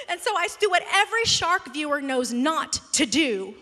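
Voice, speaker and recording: Woman pastor, high bright voice, animated storytelling sermon, long hall reverb. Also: moderate pace, hardly any pauses. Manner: animated, self-mocking storytelling. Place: church sanctuary.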